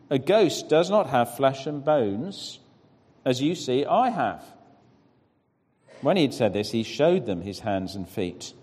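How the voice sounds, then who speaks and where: A man's voice: mid-range voice, big pitch swings, slow pace, darkish tone. A preacher reading scripture aloud, then teaching by putting questions to his listeners and praising their answers. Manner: questioning the audience, encouraging. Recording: long reverb of a large hall.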